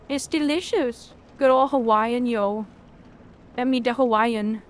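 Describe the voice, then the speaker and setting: A woman's voice: on the high side, a little slow. A woman streaming a video game, chatting casually with her chat, rambling and swearing freely.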